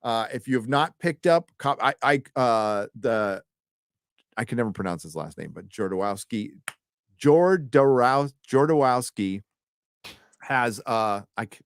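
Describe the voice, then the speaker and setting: A man's voice: on the low side, moderate pace, a bit bright, dry recording. Male live-stream host, casual and profane, trips over his words; dry close recording. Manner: loose and chatty, swears freely, often stumbles over words. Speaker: host reading donations.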